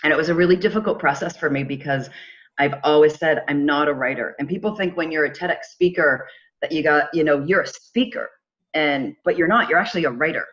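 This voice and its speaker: A middle-aged woman, a podcast guest telling her own story in a casual, animated way and acting out the conversations she retells. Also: sits low, a little fast, highs cut off. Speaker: podcast guest, charity founder.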